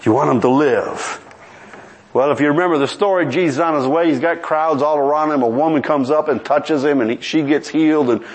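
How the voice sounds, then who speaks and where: Dramatic preacher man, higher voice. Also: brisk, rough recording. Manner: dramatic, acts out voices, rising to near-shouts; quotes King James scripture. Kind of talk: sermon.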